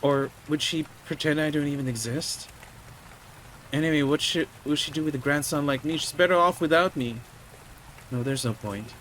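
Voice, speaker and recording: A man's voice: on the high side, normal speed, a bit bright, a little hiss or hum, natural voice, poor audio. A man voicing a distraught sixteen-year-old boy who shot someone, reading his lines aloud in a pleading, breaking tone. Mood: hopeless. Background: game music and rain.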